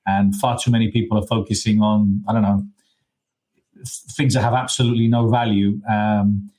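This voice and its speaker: Low-voiced host with halting speech. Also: male voice, little pitch movement, dark tone, low-quality recording. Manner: hesitant, many restarts. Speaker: event host. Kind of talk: casual chat. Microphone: video call.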